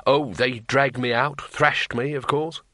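A man's voice: mid-range voice, steady tone, a little slow, sharp tone, no echo. Brief: panicky wizard, tense urgent hiss, a man doing the voice, dry and close. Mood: weary. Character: panicky male wizard, frantic and jumpy.

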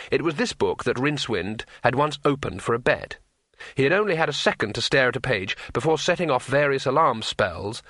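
Brief: male narrator for a comic fantasy audiobook, measured and wry, dry booth sound. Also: medium pitch, a bit bright, no room sound.

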